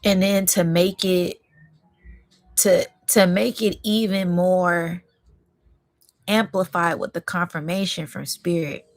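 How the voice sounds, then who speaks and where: A woman hosting a spiritual reading vlog, talking in a slow, effusive and emotional way, close to tears of joy and calling her viewers y'all. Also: lowish voice, fairly even intonation, no echo. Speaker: spiritual reading channel host.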